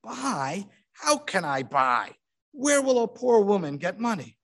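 A man's voice: high voice, big pitch swings, moderate pace, vocal fry, voice pushed up, exaggerated voice. A man voicing a frightened, sick old widow who groans and complains plaintively. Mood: complaining.

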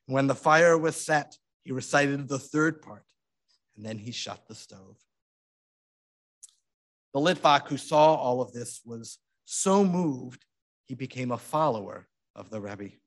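A man telling a story as part of a sermon, with dramatic, hushed, expressive delivery. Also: medium pitch, slow.

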